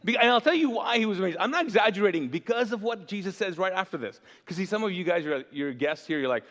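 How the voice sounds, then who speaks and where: A high-voiced male pastor preaching an animated, jokey sermon. He keeps asking the room to call out the next word, and his voice rings through a long church reverb. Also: quick pace, hardly any pauses. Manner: animated, jokey, asks the audience questions.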